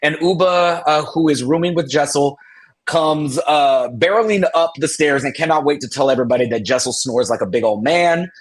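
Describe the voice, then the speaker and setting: A man's voice: on the high side, normal speed, breathy edge. A man hosting a casual live recap panel, chatty and gossipy, who laughs often between remarks. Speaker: podcast host.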